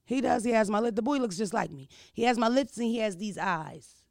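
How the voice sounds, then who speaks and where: A man telling a crude, animated comedic story, full of rhetorical asides to his listeners. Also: sits high, brisk, creaky, dry recording, clean studio sound.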